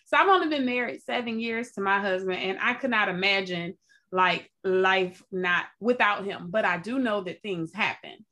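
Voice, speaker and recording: A woman hosting an interview, chatty, affirming and quick to relate to her guest. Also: medium pitch, bright, forceful tone. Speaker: podcast host. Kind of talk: supportive interview chat.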